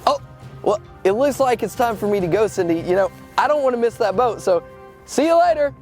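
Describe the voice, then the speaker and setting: A laid-back, good-natured lion, played by a performer in a church children's skit. The speech sounds hesitant and jokey, with a lively rise and fall in pitch. Faint music sits behind him. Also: brisk, close to an everyday voice. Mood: easygoing. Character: friendly, faithful male lion, easygoing. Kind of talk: comedic skit acting.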